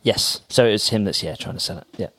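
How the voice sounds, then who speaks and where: A man's voice: fairly low pitch, fairly quick, fairly bright tone, dry recording. Jokey man reading pop-culture news. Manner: jokey, reads news from notes. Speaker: podcast co-host. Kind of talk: casual chat.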